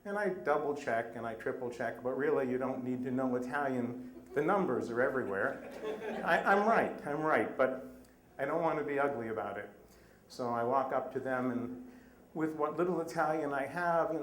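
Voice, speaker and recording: A middle-aged man telling a personal story on a live stage, animated and self-deprecating. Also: mid-range voice, moderate pace. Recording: echoey live room.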